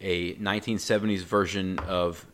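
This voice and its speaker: A man's voice: low-pitched, steady tone, moderate pace, fairly bright tone. A man co-hosting a podcast, wryly recounting a film's plot in casual conversation. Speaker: podcast co-host. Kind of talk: casual movie discussion.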